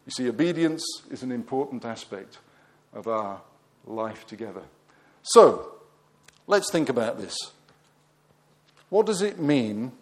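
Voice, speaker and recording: A man delivers a sermon in a fairly high voice. He speaks emphatically and keeps asking the congregation questions. His voice sinks soft and low as he closes each phrase. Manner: emphatic, asks the congregation questions, voice drops quiet at phrase ends. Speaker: preacher.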